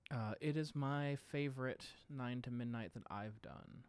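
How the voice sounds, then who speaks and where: A man hosting a casual livestream from home, talking in a relaxed, rambling way with lots of filler sounds. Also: mid-range voice, unhurried, clean tone, no room sound. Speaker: podcast host streaming live.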